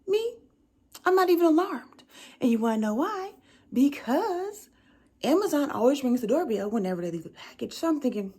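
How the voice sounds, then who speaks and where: A woman's voice: sits high, brisk. A young adult woman telling a comedic story in a conversational way, keeps checking in with the listener. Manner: animated, conversational, keeps asking the listener "right?".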